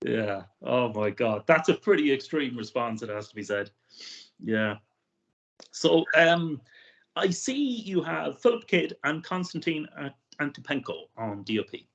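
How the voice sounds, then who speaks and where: A woman's voice: a bass voice, big pitch swings, measured pace, vocal fry. A woman with an Irish accent interviewing a filmmaker at a festival, wry and joking. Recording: slightly muffled recording.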